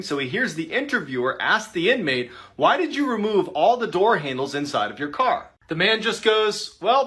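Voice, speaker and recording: A man's voice: fairly high pitch, sharp tone. A man narrating creepy true stories in a scripted, suspenseful storytime style. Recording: roomy echo.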